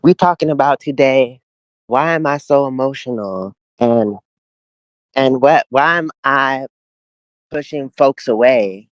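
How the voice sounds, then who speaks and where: A man's voice: mid-range voice, takes it slowly, no echo, muffled recording. A young man co-hosting a casual podcast from his backyard, talking in a laid-back, thoughtful way with many fillers. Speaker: podcast co-host. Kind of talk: casual chat. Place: backyard at home, outdoors.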